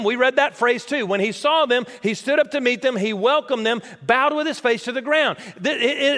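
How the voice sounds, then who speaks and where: Animated high-voiced preacher in reverberant hall. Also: male voice. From United States. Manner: animated, questions the congregation. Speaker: pastor. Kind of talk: sermon.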